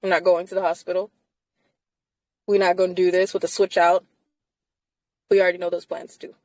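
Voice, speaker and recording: A woman's voice: fairly low pitch, flat delivery, a little fast, a little mellow, no room sound, poor audio. A woman hosting a casual live chat from inside a car, talking emphatically and laughing often between phrases.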